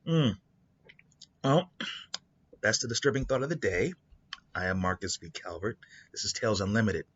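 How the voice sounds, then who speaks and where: A man hosting a show, talking through a story idea in a rambling, animated way. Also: on the low side, normal speed, breathy edge, dull audio. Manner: rambling, animated, with many restarts. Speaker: host. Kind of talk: casual spoken storytelling.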